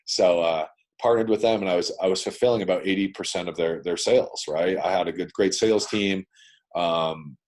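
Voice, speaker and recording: A low-pitched man speaks over a video call, telling his own story with casual bluntness. He swears freely and keeps tossing in "man" and "dude" as he talks. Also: fairly quick. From Canada. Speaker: guest entrepreneur.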